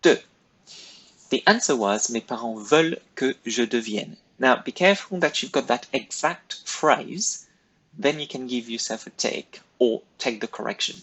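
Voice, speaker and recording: A male teacher with a slightly husky, breathy voice at a mid pitch talks pupils through a recorded lesson. He is patient and methodical, setting out each step in turn. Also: animated, moderate pace, a bit bright, poor audio. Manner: patient, step-by-step, clearly paced directions to pupils. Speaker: French teacher. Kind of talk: recorded classroom lesson instructions.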